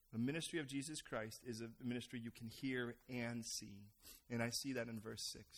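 Middle-aged American male pastor, lively sermon delivery, high and bright. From United States. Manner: animated, acts out voices of others.

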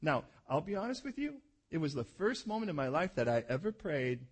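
Male pastor, conversational sermon with self-deprecating humor, acts out prayers, slightly higher pitch. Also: huge pitch swings, brisk, few pauses, husky.

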